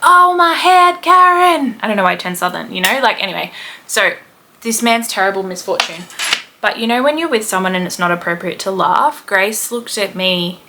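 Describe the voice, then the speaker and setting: A chatty Australian woman in her thirties rambles through a travel story, full of "like" and "um". Her voice is bright with a gravelly edge. A faint background hiss sits under the recording. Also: mid-range voice, a little fast. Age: 30s. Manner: chatty and rambling, with many "like" and "um" fillers. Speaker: podcast host, history teacher. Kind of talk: casual chat, travel storytelling.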